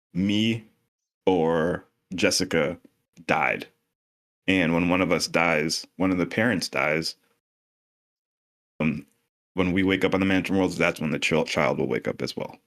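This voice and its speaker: Deep-voiced man explaining things casually. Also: creaky, a bit bright. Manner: loose, casual, explains in plain terms with some swearing. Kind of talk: casual explanatory podcast talk.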